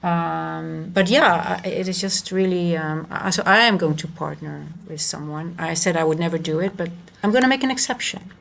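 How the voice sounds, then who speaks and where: Woman, live-stream trader, low gravelly voice, halting, restarts. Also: fairly bright tone. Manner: rambling, halting, many restarts and fillers. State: moved and emotional. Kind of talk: casual live-stream chat.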